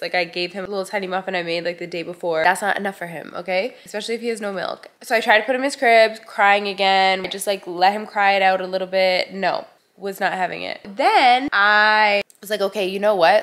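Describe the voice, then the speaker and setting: A woman's voice: medium pitch, fairly bright tone. A woman with a sore throat and a congested voice, telling a casual storytime vlog as a mom, in a chatty way full of "like.". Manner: chatty, filler-heavy retelling with many "like"s. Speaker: vlogger and mom.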